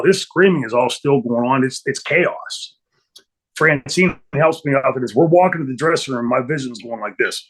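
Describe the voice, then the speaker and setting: Middle-aged male interview guest, husky and rambling, mid-pitched storyteller. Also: fairly bright tone, low-quality recording. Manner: rambling, many fillers and restarts. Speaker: interview guest, former wrestler.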